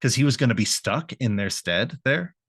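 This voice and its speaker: A man's voice: medium pitch, expressive, moderate pace, a bit bright, slightly rough, no room sound, studio quality. A man co-hosting a podcast, recapping a cartoon episode in a rambling, laughing way, swearing and acting out lines. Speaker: podcast co-host.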